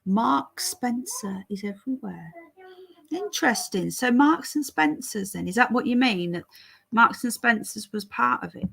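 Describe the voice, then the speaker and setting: A woman's voice: a little high, sing-song, a little slow, vocal fry, fairly bright tone, breathy edge. A British woman hosting a casual livestream, talking in a rambling way and answering viewer messages as they come in. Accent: British English. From Britain. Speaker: livestream host. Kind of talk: casual livestream chat reading viewer comments.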